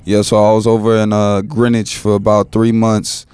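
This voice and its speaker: A man's voice: lowish voice, monotone, normal speed, a little mellow, clear, resonant tone. A young man from Los Angeles, a rapper guest in a casual podcast interview, talking in a laid-back way with street slang and frequent "you know" tags.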